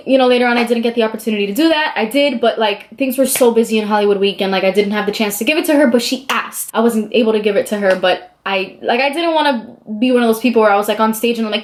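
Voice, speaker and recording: A woman's voice: fast talker, few pauses. Chatty young woman telling a story. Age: young adult. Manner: animated, chatty, acts out quotes with high squeals. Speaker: vlogger. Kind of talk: casual storytelling while doing makeup.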